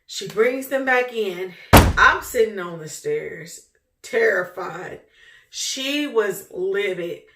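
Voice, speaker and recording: A woman vlogger casually telling a childhood story in an animated way, laughing often as she goes. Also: medium pitch, slow pace, a little hiss or hum. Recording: echoey room.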